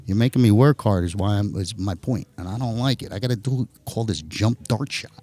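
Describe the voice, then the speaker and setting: Joking New Jersey-accented pool commentator. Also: male voice, fairly low pitch, a little fast, dry recording. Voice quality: animated, jokey, chatty. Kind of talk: live sports commentary.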